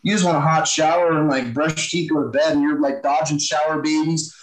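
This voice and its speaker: A man's voice: on the high side, steady tone, a little fast, echoey room, low-quality recording. A man who is a former Marine, telling war stories as a podcast guest in a blunt, profane, casual way and acting out the banter he quotes. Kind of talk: casual storytelling interview.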